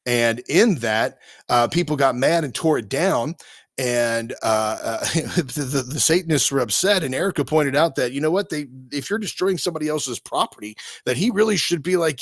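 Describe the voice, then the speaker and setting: A man's voice: mid-range voice, normal speed, no room sound, clean studio sound. A man co-hosting a casual talk show, rambling through opinions with many restarts. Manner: rambling, frequent restarts and fillers, animated. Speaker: podcast co-host.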